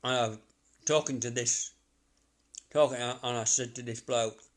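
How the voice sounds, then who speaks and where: A man working as a psychic medium, chatting casually on a live stream in a rambling, halting way and chuckling to himself. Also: medium pitch, steady tone.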